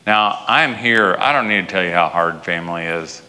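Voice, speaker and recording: A middle-aged man telling a family story in a sermon, animated, his voice climbing high when he gets worked up. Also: normal speed, long reverb tail. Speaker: speaker at church.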